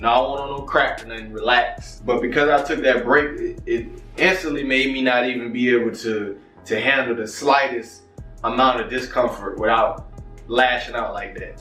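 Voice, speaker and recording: A man telling a story in a casual vlog, animated and profane, heavy on slang. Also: medium pitch. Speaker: vlogger. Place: kitchen, cooking breakfast. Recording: echoey room with faint music.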